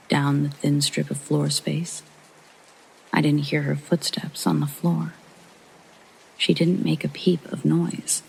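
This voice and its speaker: A narrator reading a first-person paranormal story in a soft whispered sleep-story style, with a breathy half-whisper. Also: medium pitch, a little hiss or hum, low-quality recording.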